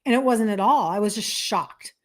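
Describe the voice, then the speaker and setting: A woman's voice: mid-range voice, animated, normal speed. A woman in her fifties from Minnesota, a health coach chatting casually on a livestream, reading viewer comments aloud in an earnest, apologetic way. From Minnesota, USA. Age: 50s. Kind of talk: casual live-stream chat.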